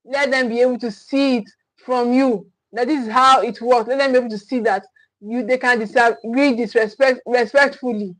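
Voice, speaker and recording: A woman's voice: on the high side, fairly even intonation, normal speed, fairly bright tone, no echo, low-quality recording. A woman parenting coach giving a livestream teaching talk, repeating her key phrases with emphasis and often checking in with "okay?". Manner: frequent restarts and checking "okay?".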